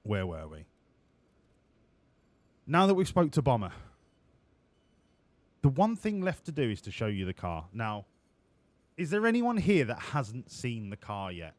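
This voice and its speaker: A man streams a game and talks over it in a profane, jokey, rambling way. His pitch swings widely, rising and falling as he goes. The close mic gives a dry sound with no room in it. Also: huge pitch swings, unhurried, long pauses, no echo. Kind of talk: live-streamed gameplay commentary.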